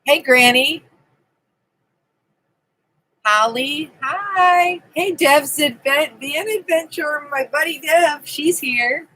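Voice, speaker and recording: A woman's voice: high voice, takes it slowly, pauses often, sharp tone, poor audio. A woman hosting a casual live stream from her camping trailer, chatting and greeting viewers by name. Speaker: livestream host.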